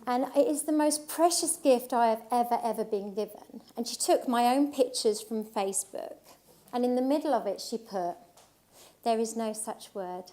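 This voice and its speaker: A woman's voice: on the high side, moderate pace, mellow. Emotional woman giving a heartfelt talk. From England. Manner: heartfelt, emphatic, with repetition. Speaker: speaker at a live event. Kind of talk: emotional personal keynote talk.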